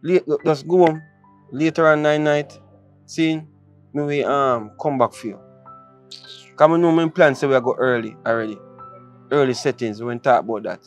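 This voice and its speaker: A man's voice: medium pitch, normal speed, pauses often, faint music behind, lightly acted. A man playing a coaxing Jamaican boyfriend. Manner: coaxing, repeats himself in patois. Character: Jamaican man soothing his girlfriend. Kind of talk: indie film acting.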